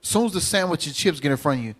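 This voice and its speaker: Lively black preacher guy cracking jokes, voice jumping all over. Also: a little high, very fast. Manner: animated, joking, slangy. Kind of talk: comedic sermon teaching.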